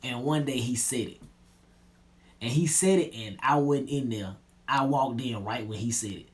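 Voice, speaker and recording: Laid-back young man telling a story. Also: moderate pace. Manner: laid-back slangy retelling, drops low and quiet at line ends. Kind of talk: casual storytelling.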